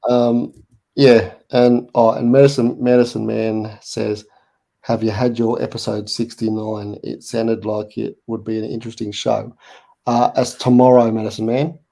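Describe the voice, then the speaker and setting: A man's voice: medium pitch, flat delivery, measured pace, gravelly, mellow. An Australian man hosting a live chat show, rambling through stories with repeated words and laughter. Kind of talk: casual live chat, storytelling.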